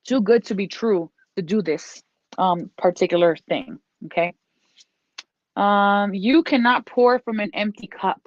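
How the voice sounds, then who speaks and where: A woman's voice: mid-range voice, no echo. A woman giving a casual tarot reading. She is encouraging and repeats herself, and now and then she breaks off to scold her dog. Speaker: tarot reader. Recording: dull lo-fi dry recording.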